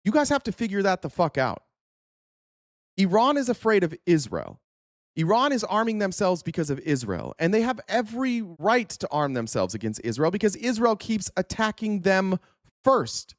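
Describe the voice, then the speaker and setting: A man's voice: sits high, very animated, normal speed, dry recording, clean studio sound. Heated, profane man ranting. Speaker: host. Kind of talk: political commentary rant.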